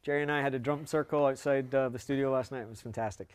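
A male co-host with a medium-pitched, steady voice speaks quickly in clean studio sound with no echo. He jokes around on a casual trade show, upbeat and laughing often, keeping things moving.

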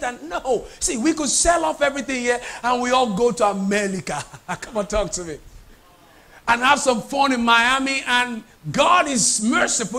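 A man's voice: extremely high pitch, lively intonation, fairly quick, fairly bright tone. A man preaching a sermon as pastor, emphatic and repetitive, putting questions to his congregation.

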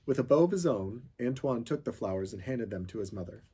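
A man reading a children's chapter book aloud, with steady storytelling narration. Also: medium pitch, a little fast, slightly rough. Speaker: reader of a children's novel.

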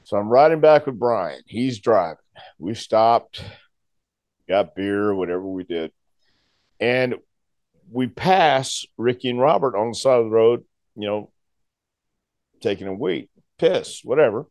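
A man's voice: medium pitch, unhurried, long pauses, dry recording. A man in his sixties, a guest telling a long story in conversation and acting out the other people's voices. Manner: animated storyteller who acts out voices.

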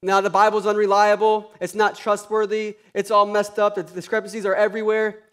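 A high-pitched male pastor preaches in a loose, conversational way. He drops into quiet asides, then climbs to loud, passionate peaks, with flashes of sarcastic humor. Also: completely flat delivery, brisk, smooth. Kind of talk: sermon.

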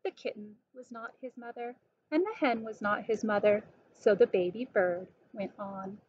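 A woman slowly and deliberately reading a children's picture book aloud. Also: mid-range voice, a little mellow. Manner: slow, clear and deliberate. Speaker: storybook reader. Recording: dull lo-fi recording.

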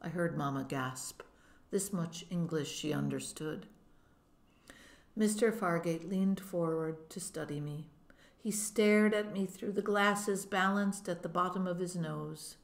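A woman narrating an audiobook, telling the story in a measured way. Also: lowish voice, gravelly. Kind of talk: audiobook reading. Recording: roomy echo.

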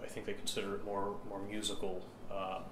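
In an echoey room with faint ambience and a noisy background, a man explains chant rhythm one step at a time, singing examples and counting beats out loud. He speaks in a lowish, monotone voice, a little fast, and keeps asking "right?".

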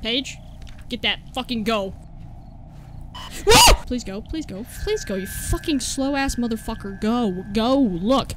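A woman's voice: a little high, lively intonation, moderate pace, slight background noise. A young woman commentating a horror game let's play for her viewers, jumpy, swearing and laughing at her own fear. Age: young adult. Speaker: gaming YouTuber.

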